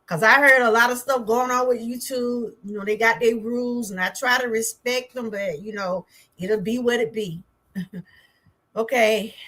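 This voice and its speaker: A woman's voice: fairly high pitch, steady tone, moderate pace, fairly bright tone. A woman from Georgia with a Southern accent, chatting with viewers on a livestream as a wellness vlogger, exclaiming and talking back to her chat.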